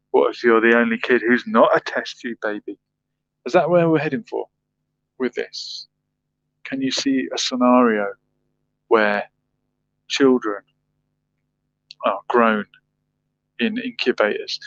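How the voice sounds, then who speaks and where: A man with a mid-range voice hosts a livestream, chatting casually, reading out viewer comments, and musing aloud with rhetorical questions. The audio is dull, lo-fi, and dry, with no echo.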